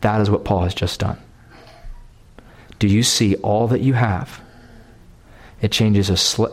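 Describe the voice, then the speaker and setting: A man preaching a sermon, pleading and repeating phrases for emphasis, rising to impassioned emphasis and settling into quiet prayer. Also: lowish voice, fairly even intonation, unhurried, long pauses.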